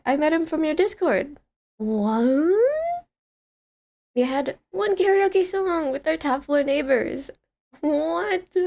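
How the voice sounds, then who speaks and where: A woman's voice: sits high, darkish tone. A young woman streaming live, chatting casually with viewers, rambling and laughing often as she greets chatters.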